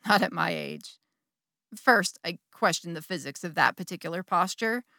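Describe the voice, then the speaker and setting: A woman's voice: on the low side, lively intonation, moderate pace, pushed and bright, no echo, clean studio sound. An actress playing a middle-aged churchgoing wife who confesses an affair to her bishop, wry and candid, with sudden bursts of feeling. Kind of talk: dramatic monologue.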